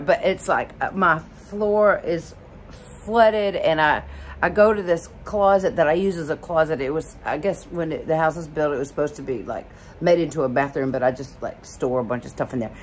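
A woman's voice: deep voice, a little hiss or hum. A middle-aged woman from Alabama telling a story casually, rambling with lots of fillers and laughs. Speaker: vlogger.

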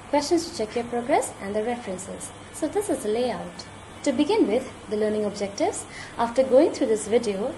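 Lively-pitched woman giving a formal lecture. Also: slight background noise. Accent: Indian English. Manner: measured, formal teaching delivery. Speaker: university lecturer. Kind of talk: recorded lecture.

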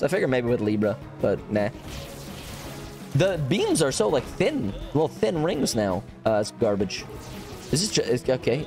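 A young man streaming a game, chatting casually and rambling with excitement, swearing and breaking into high whoops. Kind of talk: casual gameplay commentary.

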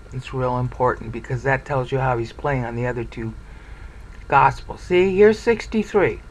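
A Bible study presenter giving an informal screen-share lecture, excitable and thinking aloud, with uneven loudness that sometimes trails off. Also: mid-range voice, rough recording.

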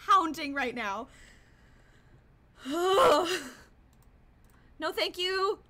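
A woman's voice: extremely high pitch, animated, slow pace, pauses often, sharp tone. A woman streaming a horror game, commenting live in a jumpy, easily startled way, gasping and swearing.

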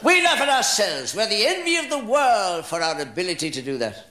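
An older Irish man telling jokes on stage in lilting, theatrical stand-up storytelling that builds to loud punchlines. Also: high-pitched, big pitch swings, fairly quick. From Ireland. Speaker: stand-up comedian. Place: hotel function room with live audience. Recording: roomy live hall with crowd.

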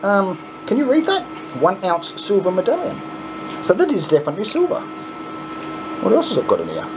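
Lively excitable Australian man. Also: sits high, fairly quick, noisy background. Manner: excitable, swears freely, chuckly. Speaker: coin pusher channel host. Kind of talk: casual unboxing vlog.

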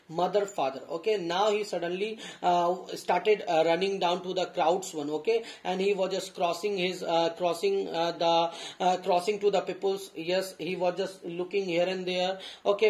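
A man teaching a story lesson, reading lines aloud and then paraphrasing them with halting restarts. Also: high-pitched. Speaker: school teacher.

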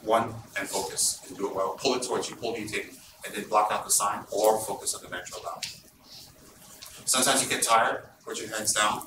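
A man giving an informal Buddhist teaching, telling stories in an animated, blunt and teasing way. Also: on the low side, fairly quick. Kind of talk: informal dharma talk. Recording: roomy, distant mic, background noise.

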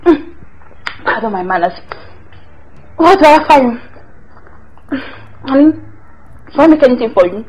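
A woman's voice: high-pitched, expressive, unhurried, long pauses, a little mellow, low-quality recording. An actress playing a defiant, mocking wife, who answers her husband's accusations sarcastically and laughs often. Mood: flirty.

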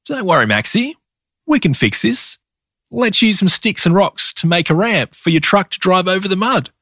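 A man's voice: sits high, sing-song, moderate pace, bright, forceful tone, no room sound, studio quality, pitched above the performer's own voice, full character voice. A man voicing a friendly, helpful young male rottweiler in a children's storybook, with a cheerful, encouraging delivery.

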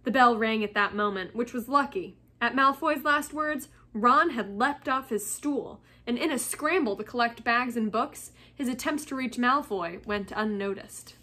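A woman's voice: fairly high pitch, moderate pace, few pauses, sharp tone. A woman, a teacher, reading a novel aloud to her class, with chatty asides between passages.

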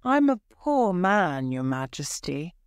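A woman's voice: lowish voice, very animated, slow, clear, resonant tone, dry recording. A woman voicing a timid, nervous male hatter pleading before a king in a storybook.

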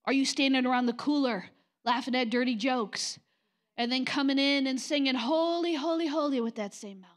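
Woman pastor, middle-aged, high voice, blunt confrontational sermon delivery in a church. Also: steady tone, fairly quick. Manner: direct, confrontational preaching with mocking quoted voices. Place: church sanctuary.

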